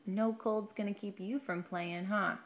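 A woman's voice: mid-range voice, fairly even intonation, measured pace. A woman filming her baby at home, coaxing and praising him in a sing-song, encouraging voice. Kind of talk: home video baby talk.

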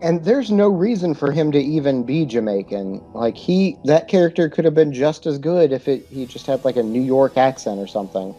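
A man's voice: mid-range voice, expressive, moderate pace, few pauses, warm tone, lo-fi sound, faint music behind. A man co-hosting a casual movie podcast, laid-back, recapping the plot with dry asides. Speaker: podcast co-host. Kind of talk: casual movie chat over beer.

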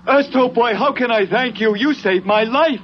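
A man's voice: very high-pitched, moderate pace. A man playing a rescued spaceman in an old cartoon dub, breathless with relief. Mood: grateful. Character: grateful rescued male spaceman. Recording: dull old dub, faint noise.

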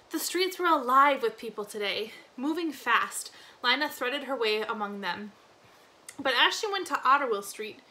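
Bright-voiced woman reading a novel aloud. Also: a little high, low-quality recording. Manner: expressive storybook narration. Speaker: reader.

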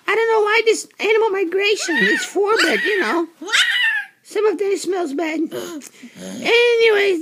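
A woman giving playful, rambling commentary as a pretend reporter, often bursting into excited shouts. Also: very high-pitched. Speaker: pretend reporter presenting a parade of animals. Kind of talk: playful home-video commentary.

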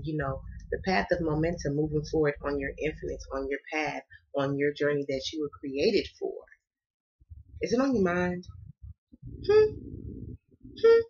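A woman's voice: low voice, a bit bright, lo-fi sound. A woman from the American South doing a casual tarot reading, sassy and playful and cussing freely. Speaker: tarot reader.

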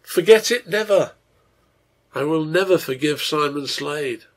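A grieving father full of guilt, voiced by a man reading a storybook serial aloud. His gravelly, husky voice stays low and soft, pleading with quiet intensity. It is everyday storytelling, not a big character voice. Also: expressive, moderate pace. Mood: anguished. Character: grieving working-class father, guilt-ridden, tender.

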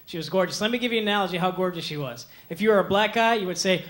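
A young man doing a stand-up comedy set on a club stage, animated, slipping into quick voices for the people he quotes, with audience laughter behind him. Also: high-pitched. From Mexican heritage. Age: young adult. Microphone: handheld stage mic.

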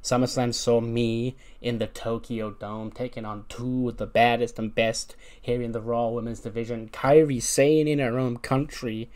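A man's voice: medium pitch, level tone, moderate pace, hardly any pauses, a little mellow, natural voice. A man voicing a boastful female wrestling champion cutting a promo, in his own voice.

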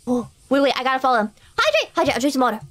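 A woman streaming a driving game, chatting to herself in an excitable, talkative way as she plays. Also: high voice, racing, dry recording. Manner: chatty, excitable, talks to herself while playing. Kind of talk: live game commentary.

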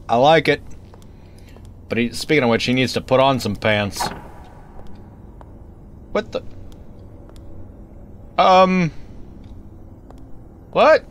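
A man giving casual commentary while playing a game, chatty and easily startled, wandering into rambling asides. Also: mid-range voice. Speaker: let's play gamer.

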